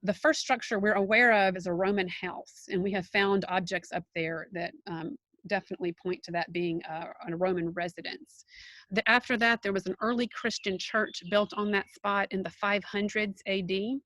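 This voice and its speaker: A woman's voice: medium pitch, steady tone, normal speed, fairly bright tone, dry recording. A woman teaching art history and food, giving a conversational online slideshow lecture with frequent ums and restarts.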